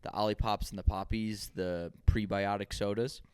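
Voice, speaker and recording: A man's voice: fairly low pitch, little pitch movement, normal speed, clear, resonant tone, no room sound, clean studio sound. A man co-hosting a casual podcast, telling rambling stories and acting out quoted dialogue. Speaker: podcast co-host.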